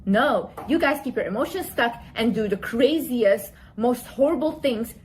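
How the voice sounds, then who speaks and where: Woman lecturing bluntly, kinda high voice, lots of likes. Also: animated, normal speed, a little mellow, a little hiss or hum, rough recording. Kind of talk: casual opinion monologue.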